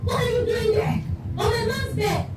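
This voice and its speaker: An actress playing a haughty, hot-tempered wealthy wife who scolds and accuses in a film clip. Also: female voice, extremely high pitch, fairly even intonation, moderate pace, noisy background. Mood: outraged. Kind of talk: melodramatic film acting. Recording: distant, echoey film audio with music.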